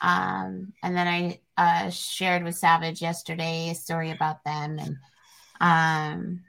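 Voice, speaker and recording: Woman podcast host, kinda low and gravelly, bright edge, rambles thru her stories. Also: little pitch movement, takes it slowly. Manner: rambling, reflective storyteller. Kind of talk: casual interview chat.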